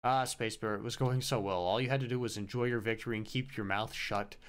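A man's voice: lowish voice, fairly even intonation, fairly quick, smooth, lightly acted. A man voicing a scheming, vain bear president from a video game, reading the dialogue aloud in a mock-serious tone. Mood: smug.

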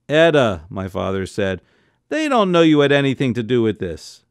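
Guy reading a kids story out loud, bouncy voice, squeaks up high for the family's lines. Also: normal speed, no echo, clean studio sound. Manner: jumps into high excited voices for family members' quotes. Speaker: cantor reading a bedtime story.

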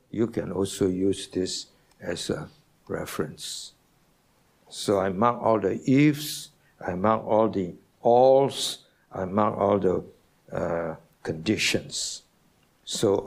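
Slow, low-voiced male pastor preaching. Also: creaky, darkish tone, breathy edge. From Singapore. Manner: slow, teaching, asks the congregation questions. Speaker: senior pastor. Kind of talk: sermon. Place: church.

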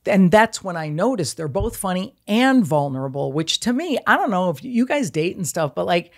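A woman in her sixties with a low voice chats as a podcast guest. She talks bluntly and swears freely, acting out her stories with lots of energy. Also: normal speed. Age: 60s. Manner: blunt, profane, animated storytelling. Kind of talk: casual chat.

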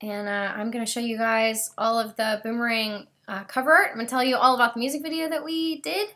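Bubbly bright-voiced young woman. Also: a little high, fairly even intonation, fast talker. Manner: bubbly, gushing, talks straight to viewers. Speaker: singer hosting a live stream. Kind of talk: casual live-stream chat. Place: at home.

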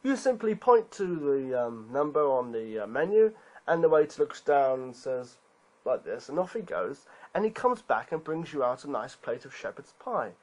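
A man's voice: medium pitch, big pitch swings, normal speed, low-quality recording. A man giving a preachy, rhetorical monologue, emphasizing points and asking rhetorical questions. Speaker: video creator being responded to.

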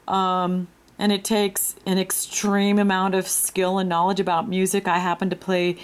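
A woman narrating a screen-recorded tutorial, explaining her steps in an unhurried way with frequent ums. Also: medium pitch, completely flat delivery, smooth. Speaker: music software instructor.

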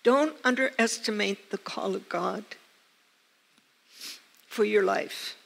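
Woman preacher, slow, earnest storytelling, gravelly edge, church hall reverb. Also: medium pitch. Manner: earnest storytelling with soft laughs. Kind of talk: sermon.

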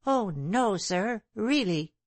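A woman's voice: mid-range voice, expressive, slow, dry recording, voice pushed up. Woman putting on a timid pleading old widow. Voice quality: ungrammatical, pleading speech. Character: humble older working-class widow, timid.

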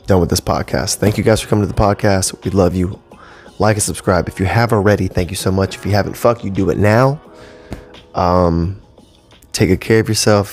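A man in his thirties with a low, darkish voice hosts a casual solo podcast. Working from a cable-filled home studio on a podcast mic, he talks bluntly, swears a lot and goes off on rambling tangents.

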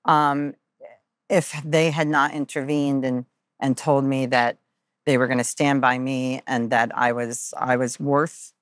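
A woman guest on a podcast tells a personal story candidly and earnestly, with lots of ums and uhs, acting out the lines of people in it. Her voice is extremely low with little pitch movement, unhurried, and captured in clean studio sound with no room echo.

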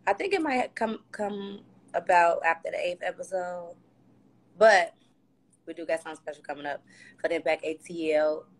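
A woman's voice: lowish voice, normal speed. A young woman, a reality show guest talking candidly and loosely in a casual livestream interview over a phone. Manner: candid, loose, animated with slang. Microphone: phone on a live video call.

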